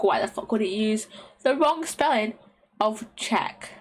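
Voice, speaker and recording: Young woman, game streamer, foul-mouthed, thinking aloud, unhurried, swooping pitch. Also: big pitch swings. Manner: swears constantly, thinks aloud while guessing words. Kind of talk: casual game commentary. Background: faint lo-fi music.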